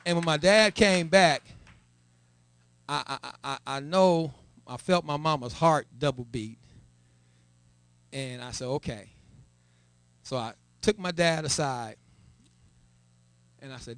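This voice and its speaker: Emphatic church elder, dry sound. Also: male voice, on the high side, slow, long pauses, fairly bright tone, no echo. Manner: stammering repeats, rising to emphatic raised voice. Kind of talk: church testimony. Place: church sanctuary. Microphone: live stream.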